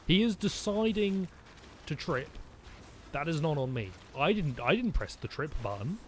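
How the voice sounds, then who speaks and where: A man's voice: fairly high pitch, expressive, normal speed, a little hiss or hum. A man streaming a video game, rambling and joking with his chat as he plays. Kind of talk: let's-play commentary.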